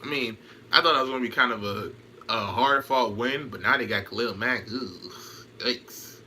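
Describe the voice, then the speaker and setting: A man's voice: medium pitch, moderate pace, pushed and bright, slight background noise. A man in casual chat on a stream, trash-talking, laughing and repeating himself while answering comments.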